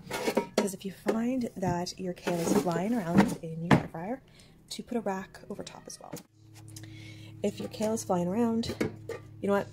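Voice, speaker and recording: A middle-aged woman chatting casually through a home cooking demo, upbeat and thinking out loud with fillers. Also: medium pitch, expressive, moderate pace, very noisy. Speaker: home cook vlogger. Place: home kitchen.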